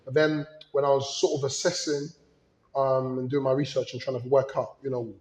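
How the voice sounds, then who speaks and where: A man's voice: mid-range voice, flat delivery, normal speed, a little mellow. A man with a London accent, a guest speaking candidly and laughing along in a casual interview. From London, England. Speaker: guest, film company CEO. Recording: echoey room.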